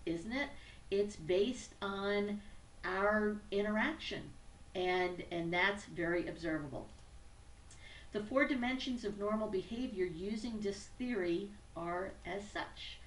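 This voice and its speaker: A woman's voice: medium pitch, distant mic. An upbeat woman gives a recorded training tutorial in an easy, conversational way, now and then restarting a phrase. She sits a little back from the mic, in a roomy space with some echo. A faint hum of background noise runs underneath. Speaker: business trainer.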